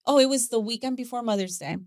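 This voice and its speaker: A woman, a podcast guest, telling a personal story with lively acted quotes, repeated words and frequent laughter. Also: fairly high pitch, quick pace, no room sound, clean studio sound. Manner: animated storyteller who acts out voices, repeats words and laughs often. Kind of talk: casual interview chat.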